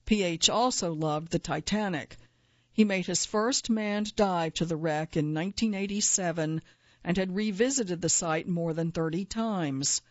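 A woman reading her own first-person nonfiction essay aloud in a measured, earnest way, at times quietly angry. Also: lowish voice, no room sound, muffled recording.

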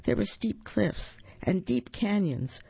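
Slow, gravelly storytime reader. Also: medium pitch, lively intonation, darkish tone, no room sound, muffled recording. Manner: slow, drawn-out storytelling with sound effects. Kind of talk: reading a children's picture book aloud.

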